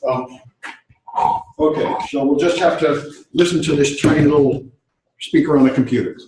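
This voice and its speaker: A man's voice: fairly high pitch, fairly even intonation, normal speed, darkish tone, slight background noise. A man lecturing a college class, talking to himself casually as he tries to get the speakers and projector working. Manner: casual, muttering while he fiddles with gear. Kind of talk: talking to himself while setting up class equipment. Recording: echoey classroom, voice far from mic.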